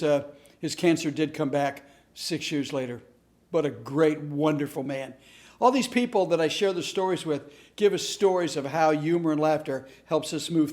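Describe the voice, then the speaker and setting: Man hosting a humor class, slightly high voice, chatty comic storyteller with asides. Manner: chatty, animated, interrupts himself with asides. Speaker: humor speaker and class host.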